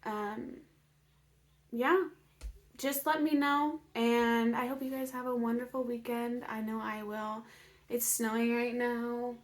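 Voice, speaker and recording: A woman's voice: on the high side, level tone, takes it slowly. A woman vlogging casually about her healing, emotional and open, with many fillers and moments where she drops to a whisper. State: emotional, near tears. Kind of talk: casual personal vlog.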